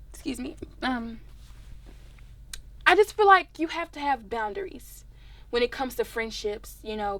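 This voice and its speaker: A young woman, a singer telling stories in a casual interview, expressive and animated. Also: on the high side. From Dallas, Texas.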